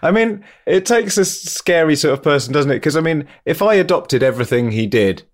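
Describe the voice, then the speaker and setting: A man's voice: a little high, expressive, fairly quick. A man hosting a podcast, chatting casually and joking at his own expense. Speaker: podcast host. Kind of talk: casual chat.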